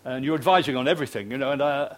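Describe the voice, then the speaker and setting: An older British man, once a television producer and now retired, races through anecdotes for an audience in a medium-pitched voice. He's a chatty storyteller, full of hesitant fillers and restarts.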